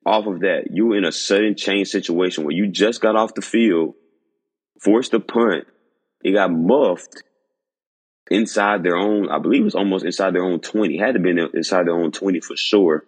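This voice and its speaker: Husky low male podcast host, emphatic and disbelieving, repeating himself. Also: normal speed, in a large hall. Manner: incredulous, repetitive, emphatic. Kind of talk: sports podcast rant.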